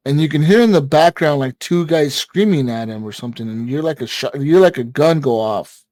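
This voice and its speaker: A man co-hosting a gaming podcast, telling a story in casual chat, excitable and profane, with lots of fillers and acted-out quotes. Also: on the high side, a little fast, no echo. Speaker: podcast co-host.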